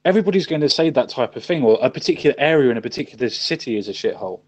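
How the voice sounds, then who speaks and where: A man's voice: mid-range voice, expressive, very fast, darkish tone, muffled recording. A man co-hosting a casual chat, emphatic, repeating his points and swearing casually. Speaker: co-host.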